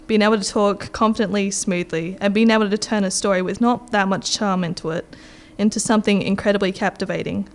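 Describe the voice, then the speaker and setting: A young woman, a radio announcer, giving a prepared speech in a wry, self-deprecating way. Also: medium pitch. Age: young adult.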